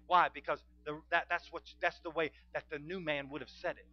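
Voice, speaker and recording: A man preaching. He calls out to the congregation and swings between hushed and loud. The recording sounds dull and lo-fi, as if taped in a church sanctuary. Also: on the high side, fairly even intonation, brisk. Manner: emphatic preaching with call-and-response, swinging from soft to loud. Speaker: pastor. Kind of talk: sermon.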